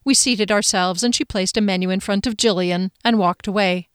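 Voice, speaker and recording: A woman narrating a first-person audiobook in a measured, expressive way. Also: mid-range voice, clean tone, dry recording, studio quality.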